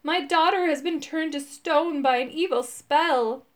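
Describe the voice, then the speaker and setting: Woman reader as a sobbing, pleading storybook father, high and strained. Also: expressive, normal speed. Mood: tearful. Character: tearful desperate father, adult man. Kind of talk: storybook reading.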